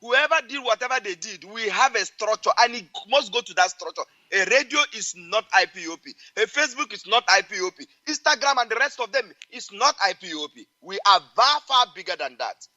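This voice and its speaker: High lively-voiced guy calling in, preachy and emphatic, dull lo-fi phone sound. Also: brisk, hardly any pauses. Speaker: caller. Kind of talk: call-in radio talk.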